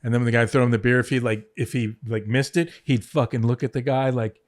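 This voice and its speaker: A man's voice: mid-range voice, fast. A man chatting casually on a podcast, telling backstage stories with lots of swearing and acted-out quotes. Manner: animated, profane, acts out quotes mid-story. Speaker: former head writer of a wrestling show, podcast guest. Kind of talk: casual storytelling chat.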